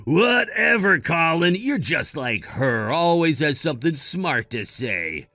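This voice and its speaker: A man's voice: a little high, big pitch swings, takes it slowly, sharp tone, no room sound, clean studio sound, full character voice. A man voicing a selfish, whiny grown man who is petulant and pushy.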